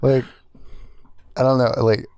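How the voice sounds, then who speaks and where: A man's voice: medium pitch, little pitch movement, unhurried, darkish tone, clean tone, no echo. A man co-hosting a podcast in casual, playful banter, laughing often. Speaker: podcast co-host. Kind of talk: casual chat.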